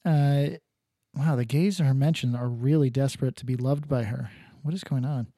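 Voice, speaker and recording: A man's voice: medium pitch, fairly even intonation, moderate pace, warm tone, dry recording, clean studio sound. A man co-hosting a casual podcast, rambling and sardonic, swearing freely. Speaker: podcast co-host.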